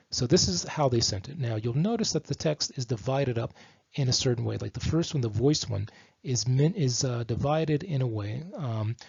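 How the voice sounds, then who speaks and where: A man's voice: medium pitch, creaky, darkish tone, slightly rough, no echo, dull audio. A man explaining Hebrew text and translation from slides, talking with frequent fillers and restarts. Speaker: teacher of Hebrew texts. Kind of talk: slide-based lecture. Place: lives in Israel.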